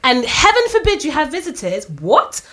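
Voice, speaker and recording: A woman's voice: sits high, normal speed. A woman in her twenties, co-hosting a casual podcast chat and telling family stories, acting out her mum's lines. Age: 20s. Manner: animated storyteller, acts out her mum, laughs often. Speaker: podcast co-host.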